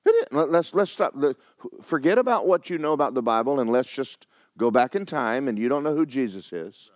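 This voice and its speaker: A middle-aged man preaching a sermon in folksy storytelling, swinging from hushed tones to excited shouting. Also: medium pitch, fairly quick, dry recording, studio quality.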